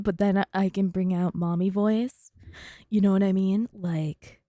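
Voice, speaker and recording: A woman streamer chatting casually, excitable and giggly, swearing freely. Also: mid-range voice, moderate pace, no echo, clean studio sound. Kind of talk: casual chat.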